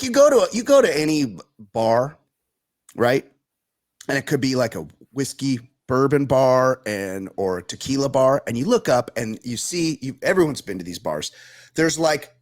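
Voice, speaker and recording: Lively, ranting man podcast host. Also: fairly high pitch. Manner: animated profane ranting. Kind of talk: casual chat.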